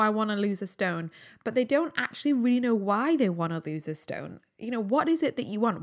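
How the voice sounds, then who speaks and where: Chatty Scottish woman hosting a podcast. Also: mid-range voice. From Scotland. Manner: chatty, giggly, self-deprecating. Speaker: podcast host. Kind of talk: casual podcast monologue.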